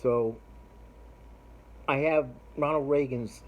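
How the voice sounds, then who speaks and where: A man's voice: medium pitch, normal speed, pauses often, breathy edge, highs cut off. A middle-aged man hosting a podcast, telling a rambling, profane story in a casual monologue. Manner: profane, rambling, laughs while retelling. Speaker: podcast host.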